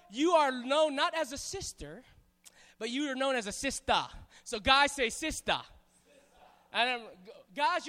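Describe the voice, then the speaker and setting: A man from Hawaii with a Pidgin and Southern-tinged accent, giving a loud, playful church youth talk with call-and-response. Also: very high voice. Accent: Hawaiian Pidgin mixed with Southern US. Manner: loud, playful, hyping up the crowd. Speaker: guest speaker at church youth service. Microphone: stage microphone on a cable. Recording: long reverb from a large hall.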